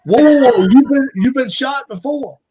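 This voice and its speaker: A man with a notably high voice keeps needling his buddy with folksy jabs and quick questions. His talk is loose and playful, the easy ribbing of old friends. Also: mellow, husky. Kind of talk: casual banter.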